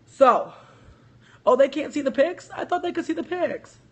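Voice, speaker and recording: A woman telling a story on a casual livestream, animated, joking and profane. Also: high voice, normal speed, highs cut off. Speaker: livestream host.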